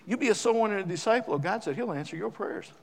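Folksy preacher, reverberant hall. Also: male voice, high voice, animated, racing, vocal fry. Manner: folksy, joking, emphatic with sudden loud rises. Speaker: visiting missionary preacher. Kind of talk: sermon. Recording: long church-hall reverb.

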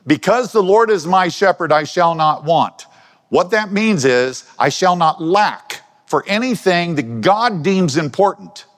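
Preacher with long hall reverb. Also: male voice, high voice, lively intonation, unhurried, fairly bright tone. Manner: conversational, asks the congregation questions. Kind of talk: sermon. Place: church hall.

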